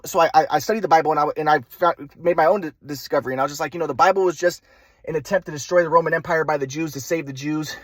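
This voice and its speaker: A young man telling his own story in a rambling, self-interrupting way, circling back and restarting often. His voice sits high and races along quickly. The recording is dry, with no room sound. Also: breathy edge, no echo. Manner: rambling, many restarts and repeated words. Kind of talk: personal storytelling vlog.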